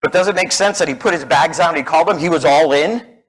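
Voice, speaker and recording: Male speaking coach, slightly high voice, animated storyteller who acts out his characters. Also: fast, rough recording. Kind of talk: storytelling keynote talk.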